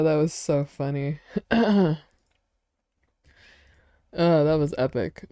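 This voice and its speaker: A woman streamer chatting casually while reacting to clips, excitable and quick to laugh and gush. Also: low voice, no echo, clean studio sound.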